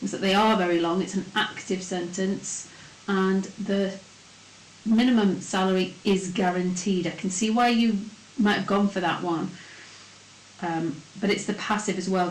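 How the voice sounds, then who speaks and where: A woman's voice: lowish voice, poor audio. A woman French teacher, going over test answers in a recorded lesson and breaking each sentence into small steps. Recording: faint hiss.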